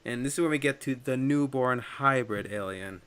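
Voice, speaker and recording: A man in casual film discussion, chatty and quick to laugh as he retells scenes. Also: mid-range voice, a bit bright, smooth.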